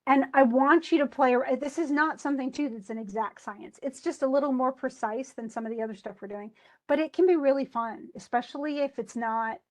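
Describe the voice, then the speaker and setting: A woman teaching a class, talking in a loose, conversational way full of restarts and asides. Her voice sits a little higher than most. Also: brisk. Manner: chatty, with many restarts and asides. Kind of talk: recorded class lecture.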